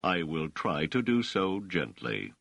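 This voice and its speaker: A man voicing a tall, stolid male sergeant in an audiobook, speaking slowly and formally in a rumbling bass. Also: sing-song, gravelly, fairly bright tone, no room sound, heavily acted.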